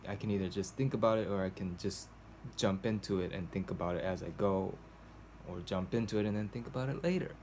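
A man talks to his camera for a casual home video journal, his speech rambling and hesitant, packed with fillers and restarts. The vlogger has a low, darkish voice and a brisk pace, and the cold indoor room carries slight background noise.

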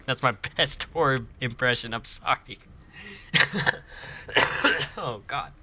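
A man streaming a video game live, chatting casually and excitedly with his viewers and cheering himself on. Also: medium pitch, slow, long pauses, a little hiss or hum. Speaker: gaming streamer.

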